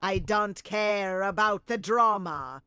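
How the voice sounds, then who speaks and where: A text-to-speech voice reading out viewer messages in an even, machine-like delivery. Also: mid-range voice, slow. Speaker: text-to-speech donation reader. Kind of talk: synthetic read-out of viewer messages.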